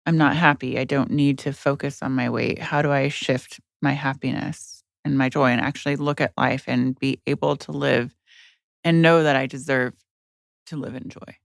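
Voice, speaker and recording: A woman hosts a podcast, asking reflective and empathetic questions. Her voice carries a gravelly fry. The recording is dry and close. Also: rumbling low, steady tone, normal speed, no echo. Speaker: podcast host. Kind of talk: interview questions.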